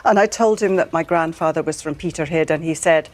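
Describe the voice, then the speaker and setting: A woman's voice: low voice, a little fast, a little mellow. An older Scottish woman, a former newsreader, chatting on a studio sofa with self-deprecating stories. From Scotland. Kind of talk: casual studio chat.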